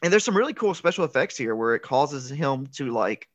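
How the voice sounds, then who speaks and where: A man's voice: medium pitch, big pitch swings, brisk, lo-fi sound. A man hosting a casual chat, laughing often and filling gaps with "um" and "like" as he retells a film. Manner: chatty, laughs often, filler-heavy. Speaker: podcast host. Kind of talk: casual movie recap chat.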